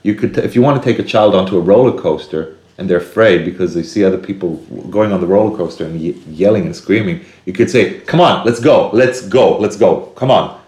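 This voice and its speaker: Deep-voiced man talking earnestly, echoey room. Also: dark tone. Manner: earnest, acts out inner voices with sudden high bursts. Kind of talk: reflective casual conversation.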